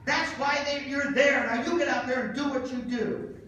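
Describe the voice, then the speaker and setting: A man putting on the voice of his blunt, teasing, loving wife, mimicking her in a high, brisk tone. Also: fairly even intonation, sharp tone, a little hiss or hum. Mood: scolding. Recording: echoey hall, voice from far off.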